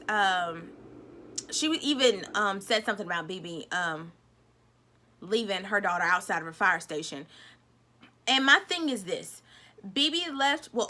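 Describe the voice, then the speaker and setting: A woman's voice: mid-range voice, pushed and bright. A young woman, casually recapping a TV episode in a sassy, chatty way. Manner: chatty, sassy, retells scenes acting out quotes. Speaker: TV recap vlogger.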